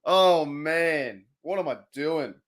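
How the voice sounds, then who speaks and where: A man's voice: a little high, slow, fairly bright tone. A young Australian man hosting a casual fan podcast, chatty and slangy, laughing at himself as he talks into his camera. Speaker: podcast host. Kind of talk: casual chat. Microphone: webcam.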